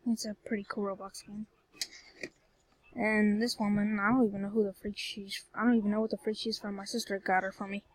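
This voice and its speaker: A woman's voice: mid-range voice, flat delivery, fairly quick, dry recording. A woman giving casual gameplay commentary, rambling and often exclaiming and grumbling as she plays. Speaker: gameplay video creator.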